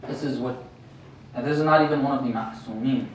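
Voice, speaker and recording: A man's voice: medium pitch, fairly quick. A man giving a religious sermon in a mosque hall, talking conversationally and often asking his listeners rhetorical questions. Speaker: sheikh giving a religious lecture. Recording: very echoey hall, voice distant from the mic, faint noise.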